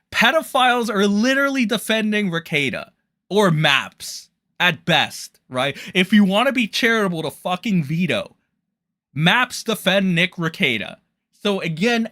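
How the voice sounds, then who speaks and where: A man ranting through livestream commentary, swearing and exasperated. His pitch swings widely between low mutters and sharp high outbursts. The sound is dry and close. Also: lively intonation, moderate pace, no echo. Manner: profane, heated, exasperated outbursts.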